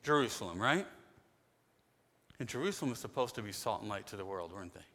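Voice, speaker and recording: A man preaching a sermon as pastor, emphatic, swinging between loud declarations and quiet asides. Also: lowish voice, expressive, fast. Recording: long hall reverb.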